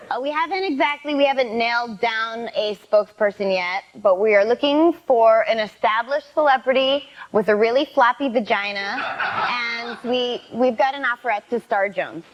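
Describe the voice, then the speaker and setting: Deadpan female comic, dull TV audio. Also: on the high side, moderate pace, slight background noise. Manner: deadpan, sweetly delivered shock jokes. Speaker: comedian panelist. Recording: dull lo-fi TV recording.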